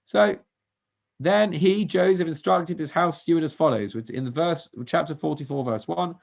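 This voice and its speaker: A man's voice: a little high, normal speed, creaky, darkish tone. A man leading a Torah study class, quizzing the group with questions and mixing Hebrew verses into English. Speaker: Torah teacher. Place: synagogue class. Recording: dull lo-fi recording.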